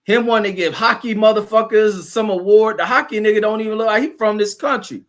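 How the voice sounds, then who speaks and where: Man, high voice, angry profane rant, streamer host. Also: fairly even intonation, fast talker, few pauses. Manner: loud, combative, heavy cursing, stumbles over names. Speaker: show host.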